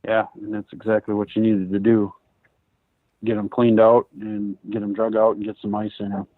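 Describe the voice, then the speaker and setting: A man's voice: lowish voice, monotone, normal speed, dry recording. A man co-hosting a casual hunting podcast, affirming and offering practical tips. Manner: gives practical advice, affirming. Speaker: podcast co-host. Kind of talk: casual chat. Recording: tinny phone-like remote line.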